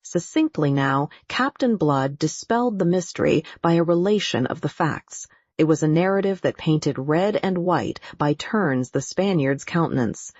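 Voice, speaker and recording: An audiobook narrator reading a classic adventure novel in an even, formal storytelling manner. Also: medium pitch, normal speed, few pauses, no room sound. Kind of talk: scripted narration. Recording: dull lo-fi dry audio.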